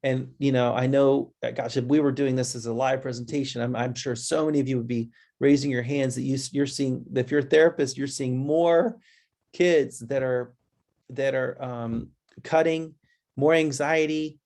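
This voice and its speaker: A man's voice: steady tone, darkish tone. A man presenting a webinar, talking in a conversational, restless way and addressing listeners directly as guys. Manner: conversational, restless, quick changes of pitch when imitating kids.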